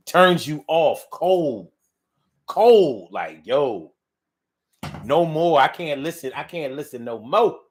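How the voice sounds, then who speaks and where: Slow and a little high-pitched, with long pauses, a Philadelphia man talks casually in his Philly accent while hosting a monologue show. His manner is animated, full of repeated phrases and words drawled for effect.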